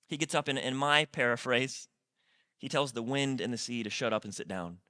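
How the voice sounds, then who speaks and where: Male pastor preaching, very bright, slightly high voice, dry close sound; emphatic and repetitive, stumbles on words. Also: animated, moderate pace, no echo. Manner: emphatic, repeats phrases with rising and falling intensity. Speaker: lead pastor. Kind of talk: sermon.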